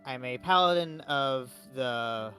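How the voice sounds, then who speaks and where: A man's voice: mid-range voice, slow, bright, forceful tone, soft background music. A man playing a paladin in a tabletop game, talking hesitantly and stumbling over words. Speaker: player. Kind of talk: in-character tabletop play.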